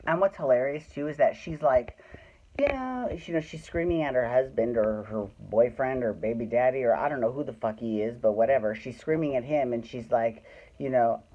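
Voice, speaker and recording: A woman's voice: low voice, lo-fi sound, a little hiss or hum. A woman hosting a soap opera recap podcast, chatting casually at home, swearing freely and ranting with exasperation. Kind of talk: casual venting chat. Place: at home indoors.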